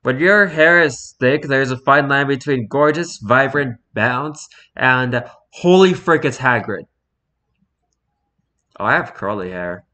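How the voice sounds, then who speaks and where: Man, bright forceful tone, casual reader of online posts, quiet side comments. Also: medium pitch, animated, takes it slowly. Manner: reads posts with quiet muttered asides. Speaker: host reading social media posts. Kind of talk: casual reading aloud.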